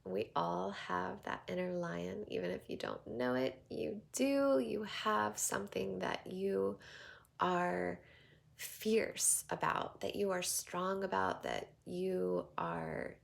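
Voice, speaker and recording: A woman with a Southern accent giving a tarot card reading, talking softly and prayerfully, slipping into whispers. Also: fairly low pitch, lively intonation, gravelly. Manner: slow, soft, prayerful delivery with drifting whispers. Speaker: tarot reader.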